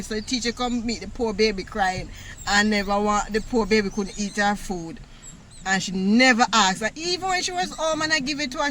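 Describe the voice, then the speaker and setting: A woman from Jamaica with a Jamaican accent, telling a personal story in a casual, animated way, laughing often and using patois words. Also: fairly high pitch, a little hiss or hum. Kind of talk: casual story time monologue.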